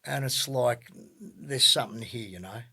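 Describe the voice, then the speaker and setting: A man's voice: medium pitch, moderate pace, gravelly, sharp tone, breathy edge. A middle-aged man with an Australian accent, telling his life story as a podcast guest in a loose, rambling way full of fillers and repeats. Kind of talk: casual storytelling.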